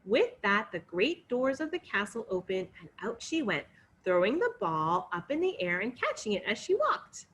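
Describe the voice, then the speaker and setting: A woman telling a fairy tale to children, expressive and coaxing, inviting them to join in. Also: medium pitch, normal speed. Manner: expressive, coaxing, sing-song. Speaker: children's storyteller. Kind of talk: interactive read-aloud for children.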